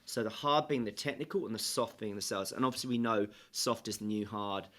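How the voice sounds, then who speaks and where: A man, a sales trainer, talking as a podcast guest in a measured, explanatory way with frequent fillers. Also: lowish voice, a bit bright. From England. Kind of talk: interview conversation.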